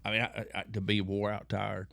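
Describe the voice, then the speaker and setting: A man's voice: on the low side, monotone, quick pace, vocal fry, fairly bright tone, no room sound, clean studio sound. A middle-aged man from West Texas with a West Texas accent, telling rambling, folksy stories in an interview and often restarting his words. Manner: folksy, repeats and restarts words, preachy bursts. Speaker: interview guest. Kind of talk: rambling conversational storytelling.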